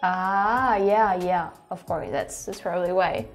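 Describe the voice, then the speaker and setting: A woman's voice: on the low side, unhurried, faint music behind. A woman with a French accent, a native French speaker, hosting a vlog and thinking aloud with many restarts and fillers. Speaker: host. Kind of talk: casual vlog commentary.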